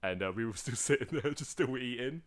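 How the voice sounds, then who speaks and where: A man co-hosting a podcast, telling stories in a rambling, excitable way full of fillers and restarts. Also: mid-range voice, a little fast. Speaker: podcast co-host. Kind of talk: casual storytelling chat. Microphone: podcast mic.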